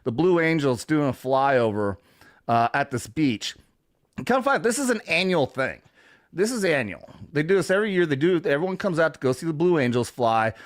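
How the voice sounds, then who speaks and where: A man's voice: a little high, animated, moderate pace, dry recording, studio quality. A man hosting a casual livestream, rambling and swearing freely, with many fillers and restarts. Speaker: show host.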